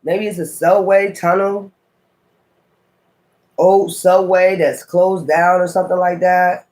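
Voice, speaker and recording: A tarot reader with a fairly high male voice gives a loose, casual reading, musing aloud and breaking into sudden exclamations. His delivery is flat and slow.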